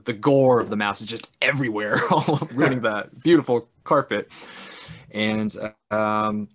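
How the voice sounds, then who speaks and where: A man in casual podcast chat, retelling a film's plot with frequent laughs and quick character impressions. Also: fairly low pitch, a bit bright. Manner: chatty, laughs often, mimics characters in big voices. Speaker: podcast co-host. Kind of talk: casual film recap chat.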